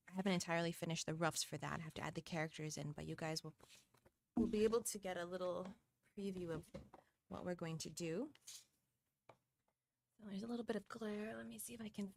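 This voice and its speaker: Lower-voiced woman chatting on a live art stream. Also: creaky. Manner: chatty and hesitant, many ums, laughs often. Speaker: illustrator live-streaming her artwork. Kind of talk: casual live-stream chat. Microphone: desk microphone.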